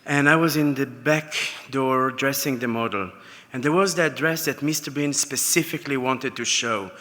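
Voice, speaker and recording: A man's voice: mid-range voice, normal speed, bright, forceful tone. A man from Israel, telling anecdotes with fillers and restarts in an acceptance speech at an awards dinner. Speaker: award recipient. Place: large banquet hall. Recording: reverberant hall with PA.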